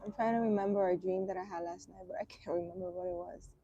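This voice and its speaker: Casual outdoor live chat: woman healer, gravelly dark tone, throat irritated, replies to viewers at an easy pace. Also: on the low side, highs cut off. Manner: answers viewer comments aloud, relaxed and unhurried. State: irritated throat, voice keeps catching. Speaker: energy healer. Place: outdoors in the sun, birds around.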